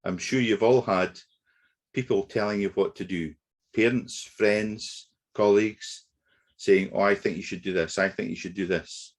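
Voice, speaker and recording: A man leads a negotiation training webinar, speaking in a low, slightly husky voice. He explains concepts steadily and methodically, with the odd filler as he goes. It sounds like a computer mic on a video call. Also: darkish tone. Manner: measured explanatory delivery with occasional fillers. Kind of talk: webinar lecture.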